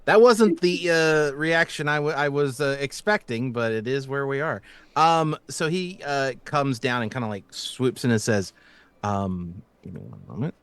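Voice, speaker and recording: A man's voice: mid-range voice, a bit bright, smooth. A man running a tabletop role-playing game, narrating scenes with frequent ums and restarts. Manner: halting, full of ums and restarts. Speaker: game master.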